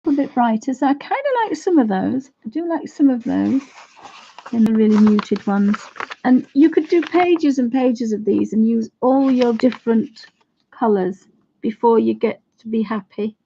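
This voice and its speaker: Mellow-voiced woman demonstrating watercolours. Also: fairly high pitch, moderate pace, dull audio, a little hiss or hum. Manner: chatty, thinks aloud while painting, addresses viewers. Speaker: watercolour tutor on a live stream. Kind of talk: casual live craft demonstration.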